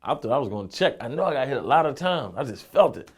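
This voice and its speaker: A very animated young man talks fast in a mid-range voice, with a bit of hiss or hum on the recording. He's a Philadelphia rapper in a casual interview, telling loose street stories full of profanity and "you know what I'm saying."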